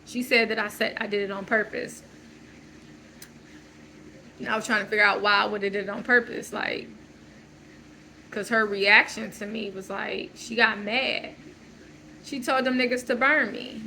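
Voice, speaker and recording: A woman's voice: medium pitch, fairly even intonation, moderate pace, gravelly, long pauses, pushed and bright, slight background noise, poor audio. A woman talking through a loose, searching personal monologue, full of fillers and restarts. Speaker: channel host.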